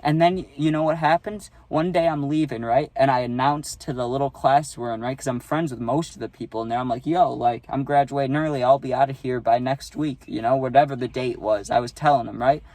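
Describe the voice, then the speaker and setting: A man's voice: mid-range voice, steady tone, a little fast, few pauses, a little mellow, no room sound. A young adult man telling a casual storytime, rambling and profane, often tagging on "right?".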